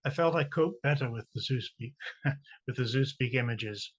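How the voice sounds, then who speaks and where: Husky Scottish poet reading his verse. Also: medium pitch. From Scotland. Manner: halting, repeats words while explaining, slow chant-like delivery of verse. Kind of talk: poetry reading with spoken introductions. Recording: dull lo-fi recording.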